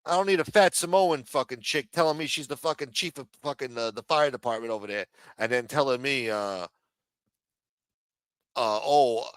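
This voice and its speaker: A man's voice: mid-range voice, moderate pace, fairly bright tone, smooth, dry recording. A middle-aged man from the United States hosting a livestream, ranting angrily and swearing constantly. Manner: profane, angry ranting. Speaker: show host. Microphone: streaming microphone.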